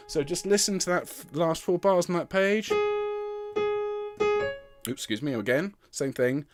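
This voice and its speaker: A man's voice: a little high, expressive, measured pace, pauses often. A man leading an online choir rehearsal, encouraging and chatty, counting the singers in and singing phrases to demonstrate. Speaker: choir director. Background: piano.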